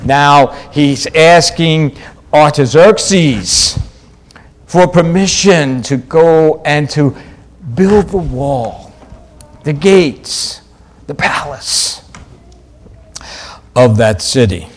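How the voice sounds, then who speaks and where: A man preaching a sermon, stressing key phrases and repeating them, moving between loud, raised lines and quiet, low ones. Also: extremely slow, pauses often.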